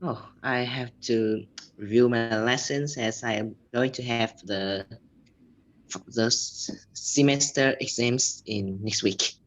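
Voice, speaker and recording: A student with a Vietnamese accent in an online class, speaking hesitantly. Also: male voice, mid-range voice. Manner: hesitant, halting. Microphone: video call.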